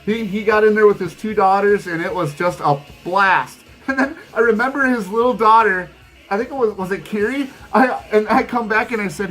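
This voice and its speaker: A man's voice: high voice, normal speed, fairly bright tone, faint music behind, rough recording. A middle-aged man, rambling emphatically as he hosts a vinyl channel, laughing often. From Wisconsin, USA. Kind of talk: casual vlog chat to camera.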